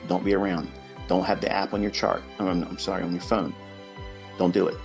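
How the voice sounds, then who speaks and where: A man as a trading mentor, lecturing his followers in a live audio room in a blunt, profane way, dropping low and quiet, then rising loud and high. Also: level tone, fairly quick, gravelly, lo-fi sound, soft background music.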